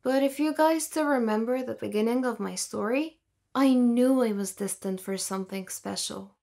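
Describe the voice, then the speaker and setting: A woman's voice: fairly high pitch, normal speed, gravelly, dark tone. A young woman narrating her own story in the first person, in an earnest, plain manner.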